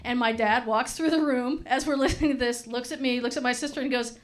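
Middle-aged woman comic, high voice, blunt and profane, rambling stand-up storyteller. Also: fairly even intonation, quick pace. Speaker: stand-up comedian. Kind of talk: stand-up comedy.

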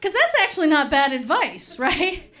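High-voiced, profane woman comedian. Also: big pitch swings, normal speed, a bit bright. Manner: frank, profane, rambling storytelling. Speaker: stand-up comedian. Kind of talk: stand-up comedy.

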